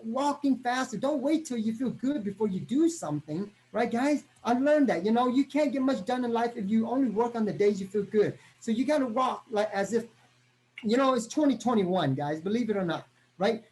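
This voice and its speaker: A man giving an energetic motivational training talk over a video call, constantly checking in with his listeners. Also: extremely high pitch. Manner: energetic, punctuates every point with "right?".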